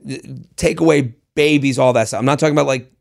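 A man in his thirties co-hosting a podcast, chatting in an animated, jokey way with lots of restarts. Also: medium pitch, fast talker, creaky. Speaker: podcast co-host. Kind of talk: casual chat.

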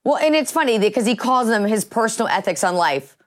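A woman hosting a morning talk show, steering casual banter from topic to topic at a steady pace with "uh" fillers. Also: fairly high pitch, a little fast.

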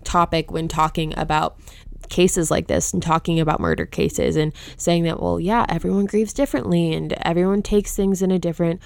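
A woman's voice: fairly low pitch, steady tone, moderate pace, creaky, clean tone, dry recording. A woman hosting a true crime podcast who speaks outspokenly and with indignation, openly stating her own opinion, close to the microphone. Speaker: podcast host.

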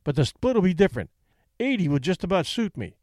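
A man's voice: high-pitched, big pitch swings, fast, a little mellow, dry recording, studio quality. A man reading an audiobook, voicing a cocky, shrewd young male boxer with a breezy, boastful manner.

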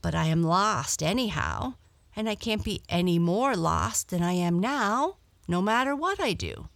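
A woman reading a storybook aloud and voicing a polite, homesick female black cat, raising her pitch. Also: lively intonation, unhurried, creaky, no room sound.

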